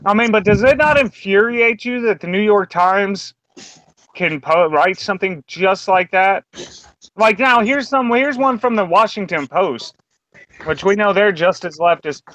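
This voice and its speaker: A man's voice: high-pitched, animated, unhurried, a bit bright, no echo, poor audio. An angry man ranting and swearing heavily as a co-host in a round table discussion. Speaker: podcast co-host.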